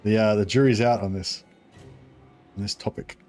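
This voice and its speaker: Man thinking aloud over his gameplay, offhand, swears, lowish voice, faint music. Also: steady tone, moderate pace, darkish tone. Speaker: gaming channel host. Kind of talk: casual gameplay commentary.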